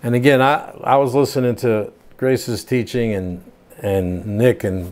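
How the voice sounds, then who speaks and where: A man's voice: mid-range voice, fairly even intonation, unhurried, a little mellow. An older man teaching a home Bible study, reading scripture aloud and then explaining it in plain, casual asides.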